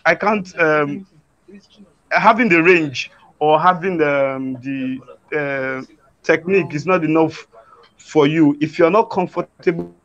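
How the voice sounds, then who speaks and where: A man, a guest singer answering interview questions haltingly, with many fillers and restarts. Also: fairly high pitch, a bit bright, highs cut off.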